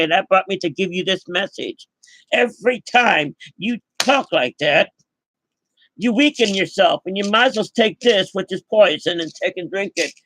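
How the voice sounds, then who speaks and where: A woman's voice: mid-range voice, a bit bright, no room sound. An older woman giving an emphatic, preachy motivational monologue to camera, full of rhetorical questions. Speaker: vlogger.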